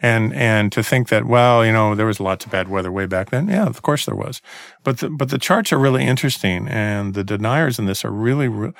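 A man's voice: on the low side, fairly quick, creaky. A man co-hosting a casual chat about a documentary, speaking earnestly and thoughtfully, with frequent restarts. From Texas.

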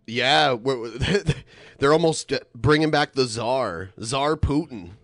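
A man's voice: mid-range voice, slow pace, a bit bright, no echo, clean studio sound. A man chatting casually as a podcast guest, explaining things offhandedly. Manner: casual, explanatory with filler likes. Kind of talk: casual commentary chat.

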